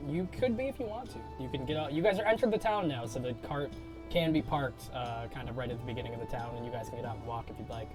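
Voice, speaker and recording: A woman narrating a tabletop game as game master, laughing often and breaking into loud character voices. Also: rumbling low, lively intonation, quick pace, music in the background.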